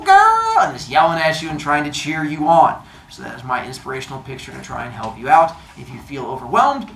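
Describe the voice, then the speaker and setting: A man's voice: medium pitch, background noise. A man teaching a class, giving quiz instructions in a playful, jokey way with silly made-up words. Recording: echoey classroom, faint ambience.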